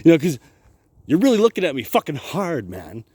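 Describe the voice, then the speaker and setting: A man's voice: a little high, huge pitch swings, normal speed, a little mellow, slightly rough, no echo. A man vlogging a rambling personal story, swearing constantly, laughing often and restarting his sentences.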